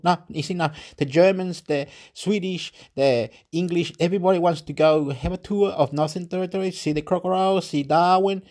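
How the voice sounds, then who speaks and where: A man's voice: high voice, a little mellow. A man ranting in an agitated monologue, swearing and repeating himself.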